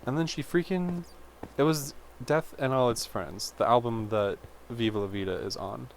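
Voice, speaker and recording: A man's voice: mid-range voice, moderate pace, creaky, a little hiss or hum. A man in his twenties, a vlogger, telling a rambling personal story in a chatty way, full of fillers and tangents. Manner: chatty, self-interrupting, full of "like".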